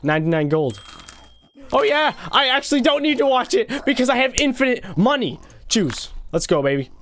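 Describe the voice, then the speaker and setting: Young male gaming host, high voice with lots of swing, excitable, gasps and taunts over gameplay. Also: normal speed, a little hiss or hum. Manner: excitable, gasping and exclaiming, playful taunts. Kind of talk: casual gameplay commentary. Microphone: desk microphone.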